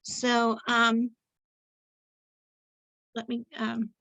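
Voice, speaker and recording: A middle-aged woman hosting a podcast with a somewhat high voice, talking in a loose, chatty way with plenty of restarts and little jokes. She is heard over a video call, and the sound is dry and close, with no room around it. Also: completely flat delivery, drawn-out words, bright, forceful tone, no echo, low-quality recording. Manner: chatty and rambling, self-correcting, joking. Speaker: podcast host. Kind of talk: casual interview introduction.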